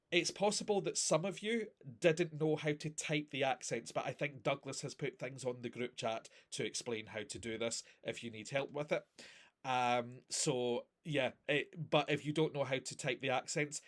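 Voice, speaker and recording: A man's voice: mid-range voice, a bit bright. Patient male Spanish teacher. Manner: patient, explaining step by step with frequent "okay?". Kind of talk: recorded class review.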